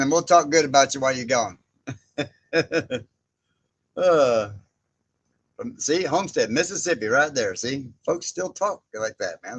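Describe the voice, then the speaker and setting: A man's voice: a little high, a bit bright. A man chats through a loose livestream from inside his barn. He rambles and chuckles as he greets viewers by name. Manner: rambling, chuckles often, reads chat names aloud. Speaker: livestream host. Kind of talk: casual livestream chat. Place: indoor barn workspace.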